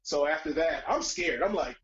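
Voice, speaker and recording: A man casually telling a story on a live stream, profane and animated, acting out the voices of other people. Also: a little high, moderate pace, husky, muffled recording.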